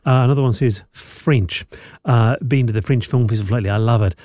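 A man hosting a radio talk show, lively and quick to laugh, speaking into a studio mic. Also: medium pitch, no room sound. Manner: lively, laughing, repeats words. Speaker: radio host.

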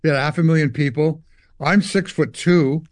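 A man's voice: fairly high pitch, moderate pace, no echo. An older Canadian man, a musician guest in an interview, telling long stories and acting out voices and guitar sounds. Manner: animated storyteller, acts out dialogue and guitar sounds. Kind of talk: storytelling interview.

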